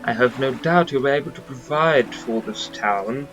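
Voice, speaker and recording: A man's voice: mid-range voice, moderate pace, a bit bright, soft background music, lightly acted, rough recording. A man voicing a friendly male townsman with an encouraging, plain delivery.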